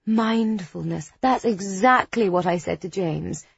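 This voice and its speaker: A woman's voice: medium pitch, measured pace, creaky, husky, no echo, dull audio, heavily acted. A woman voicing a smug, fashionable businesswoman who gushes on the phone in an affected way. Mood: smug gushing. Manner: gushing, affected phone chatter. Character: smug posh businesswoman, fashionable and self-satisfied.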